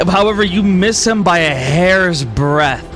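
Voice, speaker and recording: A high-voiced man runs a tabletop game, narrating the scene and stumbling through lots of "like" fillers. Faint music plays in the background. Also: lively intonation, a little slow, fairly bright tone. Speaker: game master.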